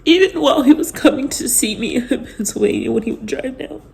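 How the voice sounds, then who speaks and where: A woman vlogging to her viewers, emotionally exhausted and close to tears, her talk halting and often dropping to a near whisper. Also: fairly high pitch, creaky, darkish tone, a little hiss or hum. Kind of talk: emotional personal vlog.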